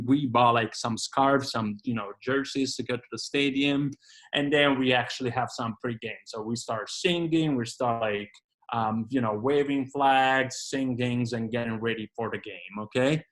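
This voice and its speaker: A man's voice: medium pitch, fairly bright tone, low-quality recording. A man from Italy with an Italian accent, leading a virtual tour over a video call in an enthusiastic, informal way with lots of fillers. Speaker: tour leader. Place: home in Canada, indoors.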